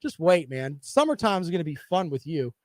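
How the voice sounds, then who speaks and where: A man's voice: a little high, very animated, brisk, darkish tone, no echo. A man co-hosting a sports talk show, teasing his co-host in rowdy, joking banter. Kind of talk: casual sports chat.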